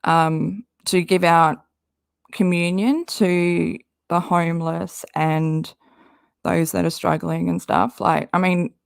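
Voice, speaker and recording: A woman's voice: lowish voice, steady tone, slow pace, creaky, no echo, studio quality. A woman doing casual commentary, reading social media posts aloud with an exasperated, rambling manner and frequent swearing. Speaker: commentary YouTuber.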